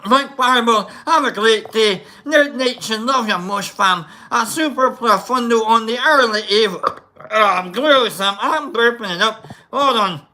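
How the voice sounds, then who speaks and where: A livestream host giving casual, rambling shout-outs to viewers, joking around. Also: mid-range voice, measured pace. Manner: jokey, rambling, tries silly voices.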